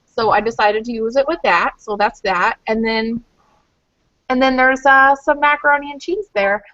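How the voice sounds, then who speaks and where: On a group call, a female guest from Louisville, Kentucky, talks at a moderate pace in a high-leaning, fairly bright voice. Her casual chat is rambling and filler-heavy, and it comes through muffled webcam sound.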